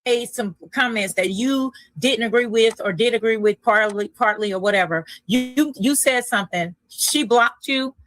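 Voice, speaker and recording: A woman's voice: fairly high pitch, moderate pace, few pauses, a bit bright, rough recording. A woman on a livestream recapping a dispute and questioning a guest directly. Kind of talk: casual livestream chat.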